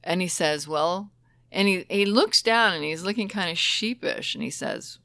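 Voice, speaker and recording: A woman who trains dementia caregivers, telling stories conversationally, lively and emotional, often laughing as she talks. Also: on the low side, slow, long pauses, no echo, clean studio sound. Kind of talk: conversational storytelling.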